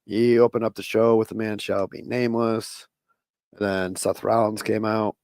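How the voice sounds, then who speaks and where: A man's voice: fairly low pitch, level tone, normal speed, darkish tone, dry recording. A man co-hosting a casual wrestling podcast, laid-back and steering the rundown. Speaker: podcast co-host.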